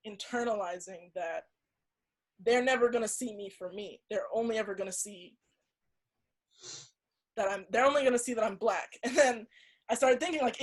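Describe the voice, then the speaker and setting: A woman's voice: fairly high pitch, poor audio. A young woman in casual conversation as a podcast guest, recounting something earnest with frequent restarts and "like" fillers. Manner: halting, many restarts and "like" fillers; earnest storytelling.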